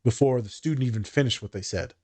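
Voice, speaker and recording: A man's voice: medium pitch, fast talker, warm tone, slightly rough. A man co-hosting a casual podcast chat, telling blunt, profane stories about his work as a therapist.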